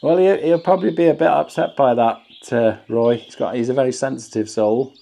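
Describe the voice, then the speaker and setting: A man's voice: medium pitch, a little fast, vocal fry, warm tone. A man chatting cheerfully and jokily while filming his camp outdoors on a phone. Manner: chatty, jokey, enthusiastic. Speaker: camping vlogger. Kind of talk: casual vlog chat. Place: outdoors at a back-garden camp. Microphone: phone camera.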